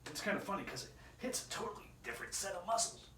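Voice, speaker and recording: A man's voice: high voice, expressive, fast talker, far from the mic. A man chats aimlessly through his home workout, muttering his rep counts and chuckling at his own stories. He sounds a little strained from the effort. The voice comes from across an echoey room, with a faint hum of ambient noise underneath. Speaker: vlogger doing a workout. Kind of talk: casual self-filmed workout commentary. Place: indoor room with chairs.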